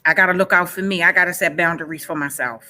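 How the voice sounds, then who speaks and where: A woman, sharing her own story in a panel talk. Her voice is bright and forward. She talks with earnest emphasis and circles back to the same phrases again and again. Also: on the low side, fairly even intonation, fast. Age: 40s. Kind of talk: personal testimony in a panel session.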